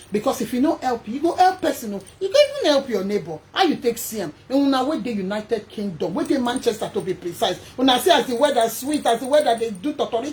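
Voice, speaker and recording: A woman with a Nigerian accent hosting her own vlog, talking straight to her viewers in an emphatic, animated way. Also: on the high side, slight background noise. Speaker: host. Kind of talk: casual vlog monologue.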